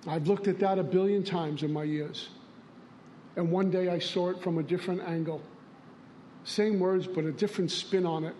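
High-voiced man telling recovery stories. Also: fairly even intonation, normal speed, warm tone, slight background noise. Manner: storytelling, plainspoken, acts out dialogue. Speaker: recovery meeting speaker. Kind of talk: recovery share.

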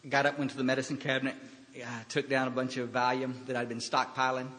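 A man giving a personal recovery talk, telling his story in a halting way with quiet pauses. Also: medium pitch, completely flat delivery. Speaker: recovery speaker. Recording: hall reverb.

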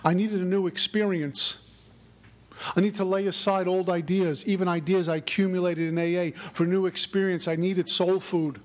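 New guy, middle-aged, fairly high voice, telling his recovery story, earnest, repeats himself. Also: little pitch movement, moderate pace. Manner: earnest, repetitive, mantra-like phrasing. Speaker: recovery meeting speaker. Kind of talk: personal recovery talk.

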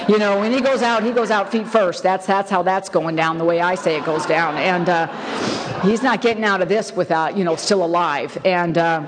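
At a recovery meeting, a middle-aged woman gives a personal testimony, candid and wry, with lots of fillers and emphatic repeats. Her lowish voice moves briskly, and the recording carries a long hall reverb plus a little hiss or hum.

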